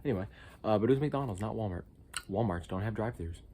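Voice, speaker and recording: A young man with an American accent telling funny college stories in a casual vlog, jumping from loud squeaky outbursts to low mumbled asides. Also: fast, a little hiss or hum. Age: young adult.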